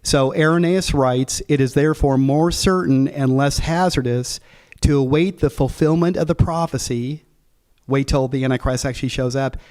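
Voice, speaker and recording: Man, Bible class teacher, casual, reads aloud slowly, many fillers and restarts, mid-pitched. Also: darkish tone. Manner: slows down to read quoted passages. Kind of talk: reading aloud and explaining a text to a class.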